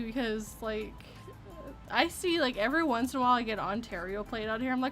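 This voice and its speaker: A Canadian woman hosts a relaxed podcast chat, talking freely and laughing often. Her voice sits a little high, with faint music playing softly beneath it. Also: fast. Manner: giggly, chatty. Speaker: podcast host. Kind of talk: casual chat.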